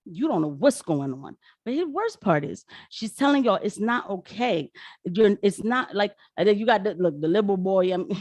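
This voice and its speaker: Animated woman ranting on a live stream. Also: medium pitch, normal speed, no room sound. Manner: animated, slangy, laughs often. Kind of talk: casual live commentary.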